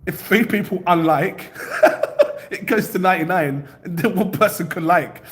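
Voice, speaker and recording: A man's voice: high voice, a little slow. A man hosting a casual crypto livestream from home, rambling as he reads out viewer comments and web pages. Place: home, near his kitchen.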